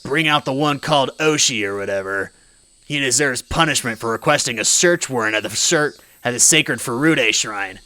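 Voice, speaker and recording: Man doing a gruff old mob-boss politician. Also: mid-range voice, normal speed, pushed and bright, no echo, lightly acted, low-quality recording. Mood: angry commanding. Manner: gruff, commanding, threatening.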